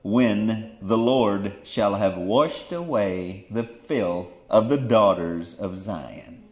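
A middle-aged preacher gives a fiery sermon on the Bible at a slow pace. He sinks into low murmurs and then erupts into loud exclamations.

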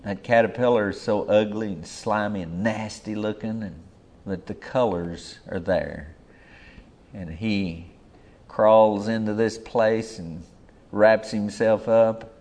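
Folksy man preaching a sermon. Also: on the low side. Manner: folksy, emphatic, swings between loud and soft.

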